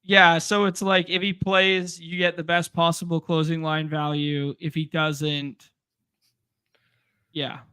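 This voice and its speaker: Bright, crisp man in casual chat. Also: a little high, level tone, slow, no room sound, studio quality. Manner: short backchannel replies, laughs easily. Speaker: podcast co-host.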